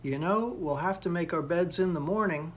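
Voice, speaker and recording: An older man voicing a plucky red noodle boy in a children's storybook, in a plain, unhurried voice. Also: fairly high pitch, pitched above the performer's own voice, lightly acted. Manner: plain, unhurried read-aloud voice.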